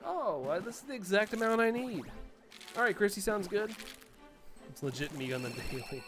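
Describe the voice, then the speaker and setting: With a voice on the high side, an American live streamer chats casually and answers viewer messages out loud, sounding slightly sniffly from allergies.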